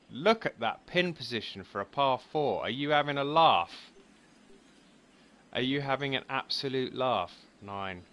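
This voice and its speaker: Guy talking over his golf game, kinda low pitched but bright and punchy, chatty. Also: a little hiss or hum. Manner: frank, self-critical, chatty sign-off. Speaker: gaming channel host. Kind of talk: casual gameplay commentary.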